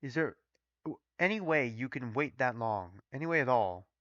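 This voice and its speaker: A man reading the part of a gentle older lab supervisor, soft and steady, bright but dull-sounding dry recording. He speaks quietly and evenly, like someone looking after his staff. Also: medium pitch, moderate pace, dry recording, natural voice. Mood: reassuring.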